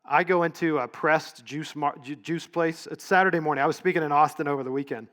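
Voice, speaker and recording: A middle-aged man gives a storytelling keynote at a leadership event, his voice sitting a little high for a man. He talks in a loose, conversational way and now and then stops to correct a word before carrying on. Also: fairly even intonation, a little fast, a bit bright. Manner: conversational, story-driven, with small self-corrections. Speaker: leadership conference speaker. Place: event stage.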